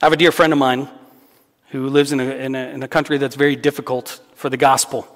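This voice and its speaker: A man's voice: medium pitch, little pitch movement, fast. A man preaching a sermon as pastor, earnest and emphatic, repeating key phrases for weight. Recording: long hall reverb.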